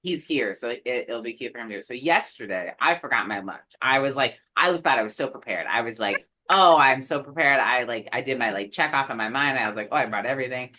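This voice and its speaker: A woman co-hosting a casual chat, animated, laughing often and swearing freely. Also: rumbling low, fast talker, hardly any pauses, a little hiss or hum. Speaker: podcast co-host.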